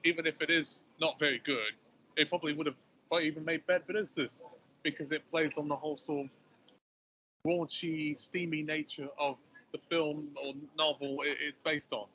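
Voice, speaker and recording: A man's voice: on the high side, steady tone, normal speed, sharp tone, lo-fi sound, slight background noise. A man co-hosting a casual chat, rambling and hedging as he talks. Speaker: podcast co-host.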